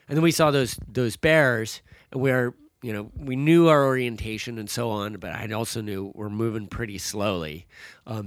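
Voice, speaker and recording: A man's voice: mid-range voice, no echo, clean studio sound. A man casually telling a long story about a hike, with many fillers and restarts. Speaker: guest, father telling a hiking story.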